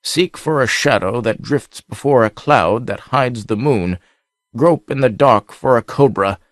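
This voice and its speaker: A man voicing a brooding, haunted nobleman who speaks slowly and somberly, in an audiobook reading. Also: medium pitch, dry recording, studio quality, close to an everyday voice. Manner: somber, slow.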